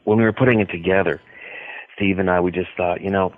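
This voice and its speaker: A man with a low voice talks through a radio interview, pausing often and circling back as he explains. He comes in over a thin, phone-like line with no room sound at all. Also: fairly even intonation, dry recording. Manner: rambling, hesitant, with many pauses. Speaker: author guest.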